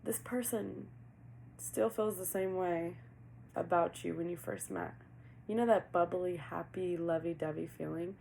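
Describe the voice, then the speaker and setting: A woman's voice: on the low side, fairly even intonation, measured pace, gravelly, mellow, a little hiss or hum, rough recording. A woman giving a casual tarot reading, chatty and laughing often, asking questions aloud as she goes. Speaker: tarot reader.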